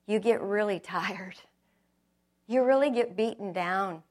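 A woman's voice: medium pitch, unhurried. A middle-aged woman giving an earnest, reflective personal testimony, telling her story with acted quotes.

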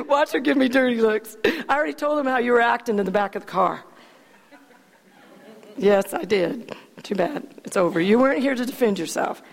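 Chatty, high-voiced woman in a reverberant hall. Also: very animated, measured pace, vocal fry, pauses often. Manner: chatty, laughing, frequent restarts. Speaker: speaker telling a testimony. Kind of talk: animated personal storytelling.

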